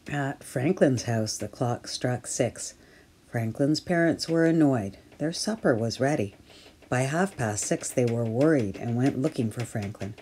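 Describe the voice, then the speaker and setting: A woman reading a children's picture book aloud for storytime, gently and clearly. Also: extremely low pitch. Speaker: storytime reader at early years centre.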